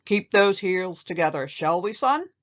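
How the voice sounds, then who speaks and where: A woman's voice: on the low side, lively intonation, a little slow, muffled recording. A woman playing bellowing elephant colonel Hathai. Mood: scolding. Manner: barking drill commands. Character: blustering old bull elephant colonel, bossy.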